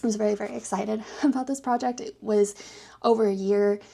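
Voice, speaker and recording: A young woman, a PhD student, talking earnestly to camera about her work, out of breath and sometimes dropping to a breathy near-whisper. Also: mid-range voice, steady tone, fairly quick, dark tone. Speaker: PhD student and disability advocate. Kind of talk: personal vlog talk to camera.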